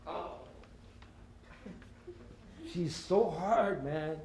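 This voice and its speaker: High-voiced man in his fifties, echoey hall. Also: drawn-out words, long pauses, slight background noise. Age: 50s. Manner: lively storytelling, mixes in Spanish phrases. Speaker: guest speaker. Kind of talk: motivational talk to students. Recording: echoey hall with faint ambience.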